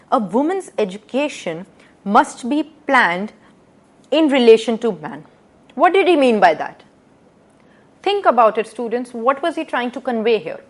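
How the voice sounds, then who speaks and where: A woman lecturing to students, reading out quotations and explaining them with rhetorical questions and frequent pauses. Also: on the high side. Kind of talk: recorded lecture.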